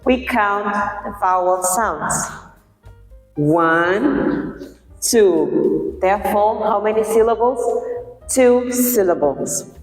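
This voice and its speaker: A woman teaching a pronunciation lesson, patiently explaining and slowly repeating words to model their sounds. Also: mid-range voice, animated. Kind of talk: slow, deliberate lesson explanation. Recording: echoey room with long reverb, faint music.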